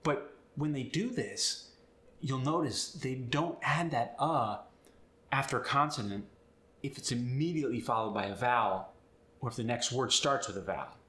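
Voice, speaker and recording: A man teaching accents and explaining sounds step by step in an upbeat, clear way. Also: mid-range voice, normal speed, fairly bright tone, echoey room. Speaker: accent coach. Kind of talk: instructional video.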